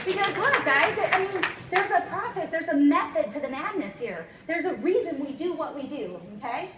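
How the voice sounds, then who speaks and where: A woman giving an energetic, emphatic motivational seminar talk as a sales trainer, constantly checking in with her listeners. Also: sits high, normal speed, hardly any pauses, noisy background. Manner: energetic, emphatic, keeps checking in with "okay?" and "guys". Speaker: network marketing trainer. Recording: echoey room, voice from far off, faint ambience.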